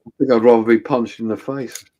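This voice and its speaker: A man's voice: medium pitch, fairly even intonation, a little fast, dark tone. A man hosting a livestream, chatting casually and in an easygoing way. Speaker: livestream host. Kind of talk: casual chat.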